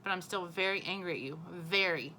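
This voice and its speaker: A woman's voice: on the low side, brisk, pushed and bright, a little hiss or hum, rough recording. A woman reading aloud and voicing a stern but loving mother who scolds firmly. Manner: firm, scolding.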